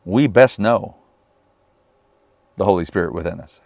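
A man's voice: low-pitched, a little slow, creaky, a little mellow, no echo. A man preaching a sermon on a Bible passage, emphatic and often asking his listeners rhetorical questions.

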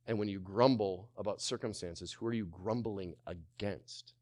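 A male pastor delivers a sermon in a lowish voice at normal speed with few pauses. He swings between loud and hushed, firing off many rhetorical questions and calling on the congregation to respond.

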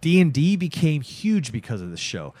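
A man in casual podcast chat, recapping a show with excitement, swearing freely and acting out the scenes. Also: a little high, normal speed. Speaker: podcast co-host.

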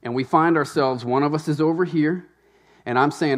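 A man with a slightly high voice preaching a sermon to his church. He talks in a loose, conversational way, full of asides and quick questions to the congregation. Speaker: pastor.

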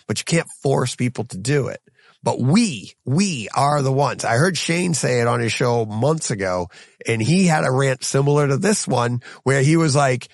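A man hosting a solo podcast, ranting in an exasperated, animated way with lots of rhetorical questions. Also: fairly high pitch, vocal fry, no room sound, clean studio sound. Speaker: podcast host.

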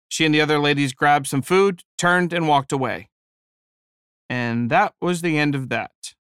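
A man's voice: mid-range voice, normal speed, a bit bright, clear, resonant tone, no echo, clean studio sound. A man giving a devotional talk, telling stories in a wry, conversational way. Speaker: devotional speaker.

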